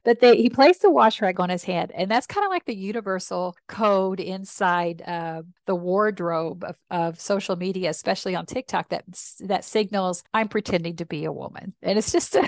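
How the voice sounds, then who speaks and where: A woman's voice: lowish voice, moderate pace, creaky, few pauses, no echo, clean studio sound. A middle-aged woman, a reverend hosting a podcast and sharing personal memories in a confessional, storytelling way. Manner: warm storytelling, confessional, with acted quotes. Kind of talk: personal reflective talk.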